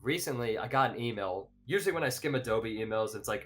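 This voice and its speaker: Young male podcast guest, jokey, mid pitch with lively swings. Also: quick pace, soft background music. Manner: animated, jokey, laughs a lot. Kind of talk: casual chat.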